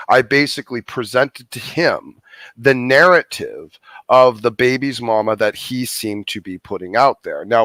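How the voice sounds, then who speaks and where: Dry-sounding wordy stream host. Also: male voice, mid-range voice, fairly bright tone, no room sound. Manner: wordy, with frequent restarts and fillers. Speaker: host of a live call-in stream. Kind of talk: casual live-stream chat.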